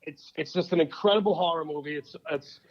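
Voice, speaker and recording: Comedian guest, man, high voice, joking and rambling, muffled lo-fi recording. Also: a little fast. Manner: jokey, rambling, excitable. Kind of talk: casual chat. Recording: dull lo-fi sound.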